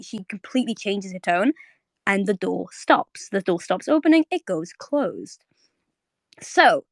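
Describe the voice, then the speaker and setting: A woman talks casually as host of a live online audio chat. She retells a story in a rambling, enthusiastic way, with frequent fillers and self-corrections. Her voice sits at a medium pitch, and the recording is dry and close. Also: fairly bright tone, no room sound. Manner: chatty, fast recapping with lots of fillers.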